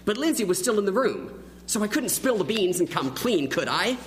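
A man preaching a sermon, telling a childhood story with lively, acted-out delivery. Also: high-pitched, normal speed, low-quality recording. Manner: animated storyteller who acts out the quoted voices.

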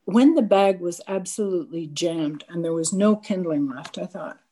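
A woman's voice: lowish voice, normal speed. Woman telling a candid, self-mocking anecdote. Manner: candid, self-mocking storytelling with lively quoted dialogue; frequent stammered restarts. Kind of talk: personal anecdote told to a gathered audience.

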